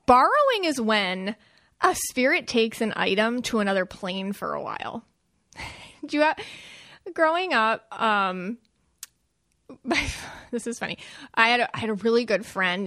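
A woman hosting a podcast, chatting casually and animatedly, breaking into bright asides and laughter. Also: medium pitch, no room sound, clean studio sound. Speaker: podcast host. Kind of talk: casual chat about spirit contact.

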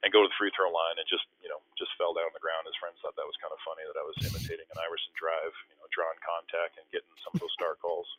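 A former basketball player telling animated stories as a radio guest, acting out the voices of people he quotes. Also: sits low, rapid-fire, few pauses. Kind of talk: casual storytelling on a radio call-in. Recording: tinny phone line.

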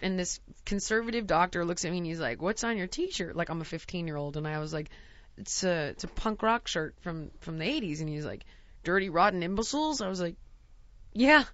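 A woman's voice: lowish voice, lively intonation, a little fast, a bit bright, no room sound, muffled recording. A woman in her forties telling a comic story about her own life, acting out the people in it with self-mocking animation. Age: 40s. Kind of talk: comedic storytelling.

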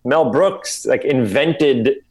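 A man's voice: mid-range voice, expressive, takes it slowly. A man chatting as a podcast guest, enthusiastic and reverent about his heroes. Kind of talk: casual chat.

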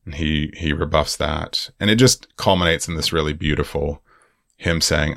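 A man with a very low, gravelly voice talks hesitantly about a film, with many restarts. He shares a scene with a friend in a casual podcast chat, recorded dry. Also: fairly even intonation, dry recording. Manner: halting, many restarts, retells dialogue quietly. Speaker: podcast co-host.

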